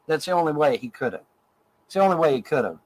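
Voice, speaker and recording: A man's voice: a little high, lively intonation, fast talker, poor audio. A middle-aged man from Ohio ranting angrily in a profane, repetitive stream monologue. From Ohio, USA. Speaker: online show host in archived clip.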